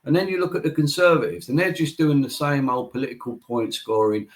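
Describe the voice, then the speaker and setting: A man answers in a political interview with a mid-pitched voice. He argues emphatically, stacking repeated phrases as if giving a speech. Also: animated, brisk. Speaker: political guest.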